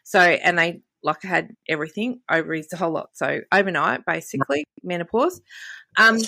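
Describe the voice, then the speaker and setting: A woman's voice: on the low side, brisk, vocal fry, dry recording. Candid woman in her fifties. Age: 50s. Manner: candid, animated storytelling with quoted dialogue. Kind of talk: casual podcast conversation.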